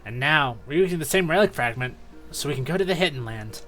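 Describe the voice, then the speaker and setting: A man's voice: on the high side, expressive, quick pace, sharp tone, faint music behind. A man reading the lines of an earnest young male monkey creature hero from a game, in a sincere, heartfelt way. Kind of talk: reading game dialogue aloud.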